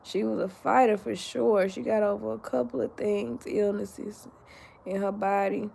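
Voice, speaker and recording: A sleepy woman hosting a casual live chat, talking slowly and straight to her viewers as she reads their comments. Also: medium pitch, fairly even intonation, vocal fry, mellow. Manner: slow and drowsy, talks straight to viewers. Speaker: livestream host reading viewer comments.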